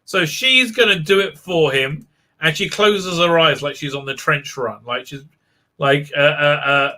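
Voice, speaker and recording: Bright high-voiced sarcastic male host. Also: measured pace. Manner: mocking, rambling, many fillers. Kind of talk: sarcastic live show recap.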